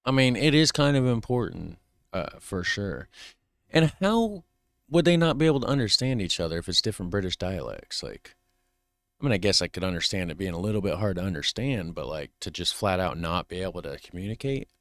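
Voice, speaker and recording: American male reaction host: deep, crisp-toned, dry mic, loose rambling delivery. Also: animated, fairly quick, a bit bright, no room sound. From United States. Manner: chatty, trails off and restarts mid-thought. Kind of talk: casual reaction commentary.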